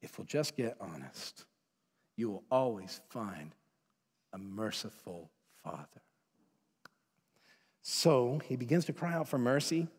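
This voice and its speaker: Male pastor preaching, casual storyteller, mid-pitched voice, reverberant hall sound. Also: very animated, slow, pauses often, a little mellow, breathy edge. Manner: casual, conversational, acts out quoted voices. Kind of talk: sermon with storytelling.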